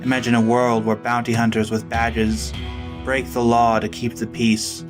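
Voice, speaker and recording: A man narrates a frontier opening in a measured, dramatic storytelling voice at a mid pitch. Clear plucked guitar music plays underneath, like a show intro. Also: completely flat delivery. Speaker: game master and podcast host. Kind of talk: scripted narration over music.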